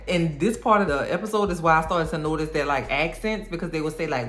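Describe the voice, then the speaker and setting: A woman recapping a TV episode in a casual, animated, sassy way, full of slang. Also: low voice, quick pace, few pauses. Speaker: TV recap vlogger. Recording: roomy room with faint music.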